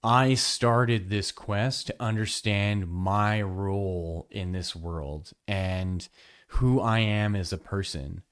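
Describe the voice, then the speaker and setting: A man's voice: on the low side, slow, a bit bright, clear, resonant tone. A man who teaches yoga, hosting his podcast and telling a personal story in a frank, emphatic, conversational way. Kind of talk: candid podcast monologue.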